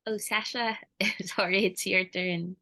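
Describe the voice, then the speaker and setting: A middle-aged woman, a mother, quietly prompting her children as they read through a play at home. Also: mid-range voice, fairly even intonation, slow, dry recording.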